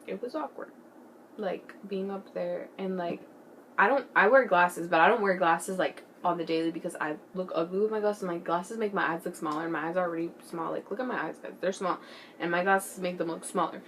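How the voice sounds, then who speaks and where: A teenage girl telling a story in a casual vlog, excitable and giggly, full of "like" and "bro", sometimes dropping to a hushed whisper. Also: fairly low pitch, fairly quick, slight background noise. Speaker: vlogger.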